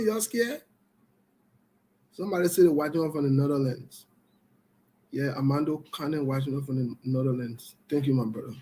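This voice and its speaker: A man's voice: a little high, dark tone. A man hosting a livestream, chatting casually and teasing viewers in a playful, repetitive way. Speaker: online show host. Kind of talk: casual livestream chat reading viewer comments.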